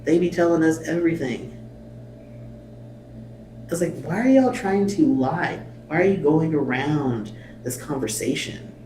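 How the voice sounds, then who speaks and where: A man's voice: fairly high pitch, expressive, a little slow, pauses often, dark tone, soft background music. A man hosting a reaction video, bluntly commenting and reading subtitles aloud with swearing and exasperation. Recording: echoey room, mic at a distance, faint noise.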